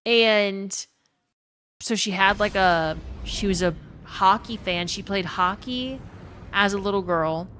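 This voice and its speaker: Young new orleans woman streaming, chatty and cussing, mid-pitch voice. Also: slow pace, fairly bright tone, a little hiss or hum. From Louisiana. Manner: chatty, swears freely, reads chat aloud. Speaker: gaming streamer. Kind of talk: casual live-stream chat with viewers.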